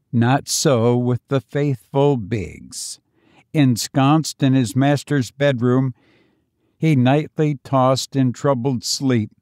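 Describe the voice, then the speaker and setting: A man reads a vintage story aloud in a measured, solemn way. His pace is slow and deliberate, and his voice sits in a middle range. The recording is dry and close. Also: medium pitch, mellow, dry recording. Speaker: audiobook narrator. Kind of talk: scripted narration of a vintage story.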